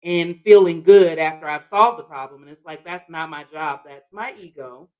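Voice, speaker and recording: A co-host with a mid-range voice chats in a relaxed, lively way. They laugh easily and keep backing up their partner with quick agreement. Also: mid-range voice, low-quality recording. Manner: lively, laughs often, affirms with "that's right". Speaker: podcast co-host. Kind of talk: casual conversational talk.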